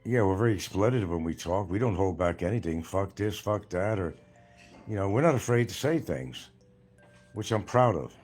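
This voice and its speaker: Older new york guy rambling on his own channel, kinda low voice, swears a lot, faint music under it. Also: expressive, moderate pace, a little mellow, breathy edge. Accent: mild New York. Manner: rambling, blunt, swears freely. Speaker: vlogger. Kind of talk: casual monologue.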